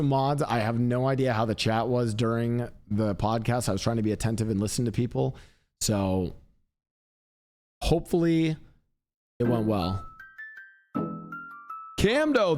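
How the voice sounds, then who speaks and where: A man's voice: mid-range voice, a little mellow. Upbeat rambling male streamer. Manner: rambling, upbeat, self-mocking. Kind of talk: casual chat.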